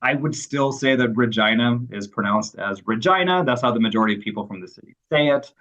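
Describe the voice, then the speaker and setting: Man, interview clip, relaxed conversational explaining, slightly dull audio. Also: medium pitch, quick pace. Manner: relaxed, uses fillers like um. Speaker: interviewed expert. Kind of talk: interview answers.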